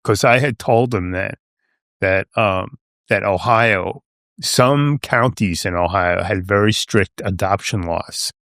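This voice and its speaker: Guesting on a podcast, a Long Island man in his seventies rambles through a casual story, constantly adding "you know" and "right?" He speaks at a slow pace with a fairly low pitch and a fairly bright tone. The studio-quality recording is dry.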